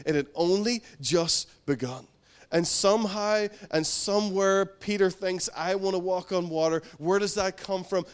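A man preaching a sermon, earnest and building to fervent passages. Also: on the high side. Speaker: pastor.

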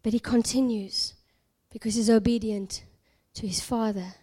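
Woman from south africa preaching, high voice, dramatic storytelling, goes hushed sometimes. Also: moderate pace, breathy edge. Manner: expressive, dramatic storytelling with hushed whispered moments. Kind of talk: sermon storytelling.

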